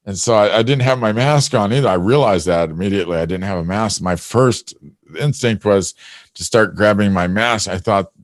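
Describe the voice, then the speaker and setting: A man hosting a podcast, talking hoarsely after throat surgery, rambling through a story with lots of fillers. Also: fairly low pitch, moderate pace, no echo, studio quality. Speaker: podcast host. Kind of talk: casual chat.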